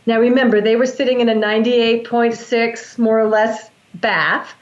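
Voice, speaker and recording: A woman's voice: on the high side, fairly even intonation, normal speed. A woman guest on an interview show, a breath work practitioner explaining her practice in an earnest, teaching manner with frequent restarts. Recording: roomy, dull lo-fi sound.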